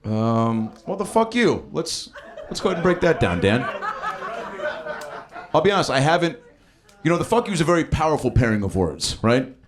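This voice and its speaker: A man's voice: fairly high pitch, moderate pace. A man in his thirties doing improvised stand-up in a comedy club, telling loose, profane stories and working the crowd. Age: 30s. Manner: loose, profane storytelling with lively voiced quotes. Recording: live club with crowd laughter. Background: audience laughing.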